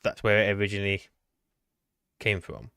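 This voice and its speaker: A man's voice: on the low side, completely flat delivery, normal speed, fairly bright tone, clean tone, dry recording. A man co-hosting a gaming stream, chatting casually in a hesitant, rambling way and often restarting his sentences. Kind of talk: casual chat while gaming.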